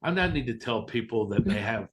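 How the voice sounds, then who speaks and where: A man speaking as a guest in a relaxed interview. His voice sits at an ordinary middle pitch. He talks bluntly and candidly, slipping into voices when he quotes people. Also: brisk, a little hiss or hum. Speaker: Taoist teacher, interview guest. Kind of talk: casual storytelling interview.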